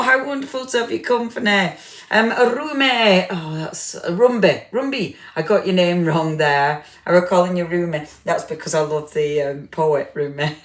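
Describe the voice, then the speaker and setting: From an echoey home craft room, a woman with a fairly low voice hosts a craft livestream at normal speed, worn out after a big dinner. She chats casually, warmly greets viewers by name, uses lots of fillers, and pokes fun at herself.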